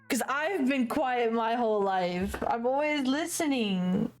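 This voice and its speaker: A young woman streams herself painting, her chat rambling and full of verbal stumbles. Her voice is on the high side, expressive and unhurried, with faint music in the background.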